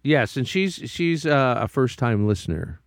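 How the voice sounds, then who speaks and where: Brief: male radio host, animated pitch, dry studio sound, relaxed and friendly. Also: a little slow, dry recording. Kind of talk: reading listener mail on air.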